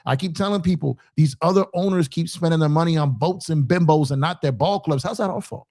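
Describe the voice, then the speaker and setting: Hosting a sports show, this man delivers heated fan commentary, hammering points through repetition and mocking opposing supporters while reading viewer super chats aloud. His voice is a little high and darkish, and he talks a little fast.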